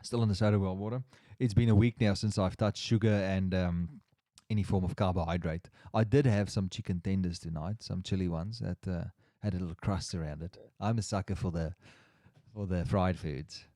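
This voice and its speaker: A man's voice: deep voice, steady tone, moderate pace, mellow, dry recording, clean studio sound. A man hosting a casual livestream chat, rambling and restarting his sentences as he reads the chat aloud. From Australia. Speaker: livestream host.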